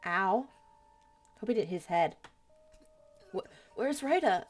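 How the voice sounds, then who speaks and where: A woman's voice: medium pitch, lively intonation, slow, soft background music. A young woman streamer playing a story game, chatty and playful, reacting with jokes. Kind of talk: game playthrough commentary.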